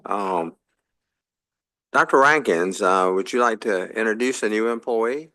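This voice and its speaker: Bright-voiced man chairing a board meeting. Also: fairly low pitch, a little slow. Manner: runs through motions and votes in set phrases with fillers.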